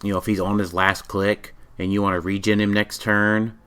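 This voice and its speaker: A man co-hosting a podcast, reviewing game pieces in casual chat, halting and full of ums, a bit tired. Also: fairly low pitch, little pitch movement, fairly bright tone, smooth. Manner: halting, many ums, reads card stats aloud. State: yawning, tired. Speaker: podcast co-host.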